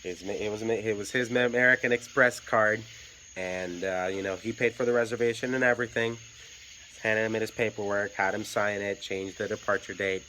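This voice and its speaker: A man's voice: fairly low pitch, fairly even intonation, moderate pace, pushed and bright, slight background noise, low-quality recording. Wry, profane man telling a story. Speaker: hotel night clerk telling stories. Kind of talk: casual storytelling.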